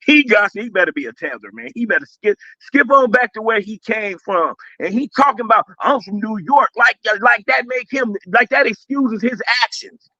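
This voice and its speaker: A very high, bright, forceful male voice rants and mocks with big swings in loudness. The sound is dry and a little dull, like lo-fi stream audio. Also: moderate pace, no echo. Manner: loud, mocking, animated ranting. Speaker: co-host. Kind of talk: casual commentary chat.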